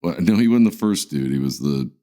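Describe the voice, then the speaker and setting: A man's voice: very deep voice, animated, a little fast, dark tone. A man co-hosting a podcast in a laid-back, rambling chat, swearing freely. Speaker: podcast co-host. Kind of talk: casual chat.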